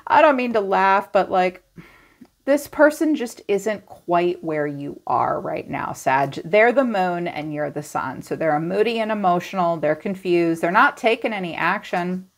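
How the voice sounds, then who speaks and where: A woman's voice: lowish voice, expressive, unhurried. A woman giving a casual tarot reading to her viewers, blunt and chatty, teasing and full of fillers. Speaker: tarot reader.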